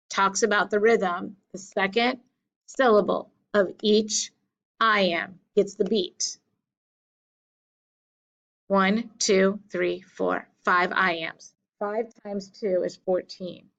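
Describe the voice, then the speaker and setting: A woman's voice: mid-range voice, vocal fry, sharp tone, poor audio. A woman teaching a class in a patient, repetitive way, counting out beats aloud. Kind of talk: classroom lecture.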